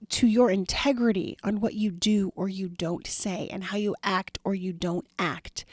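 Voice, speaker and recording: A woman's voice: medium pitch, dry recording, studio quality. A woman hosting a podcast, talking earnestly in a casual, chatty way and speaking straight to her listeners. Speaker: podcast host. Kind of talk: casual motivational monologue.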